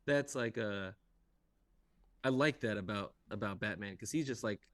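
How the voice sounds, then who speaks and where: A man's voice: lowish voice, normal speed, no room sound. A man co-hosting a podcast in casual chat, rambling and repeating his words as he talks. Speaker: podcast co-host.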